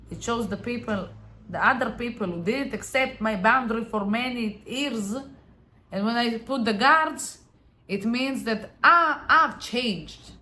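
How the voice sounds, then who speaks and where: A woman's voice: medium pitch, fairly bright tone. Earnest woman giving motivational advice. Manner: earnest, emphatic, with restarts. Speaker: vlogger. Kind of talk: motivational talk to camera.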